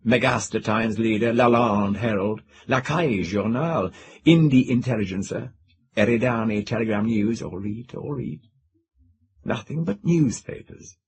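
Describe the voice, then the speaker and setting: A man narrating a science fiction audiobook in a low voice. His reading is dramatic and expressive, with wide swings of pitch. Lists and descriptions roll out with emphasis. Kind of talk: scripted narration.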